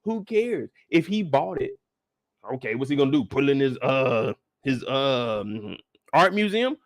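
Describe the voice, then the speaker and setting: A man's voice: medium pitch, very animated, unhurried, no room sound, studio quality. A man hosting a live after-show discussion, ranting in disbelief at his viewers and repeating phrases for emphasis. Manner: talks straight to his viewers. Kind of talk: animated live reaction commentary.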